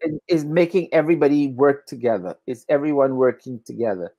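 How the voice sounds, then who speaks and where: A man's voice: mid-range voice, dark tone, muffled recording. Tired, patient male English tutor. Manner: patient, repeats words slowly to explain. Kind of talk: one-on-one English lesson.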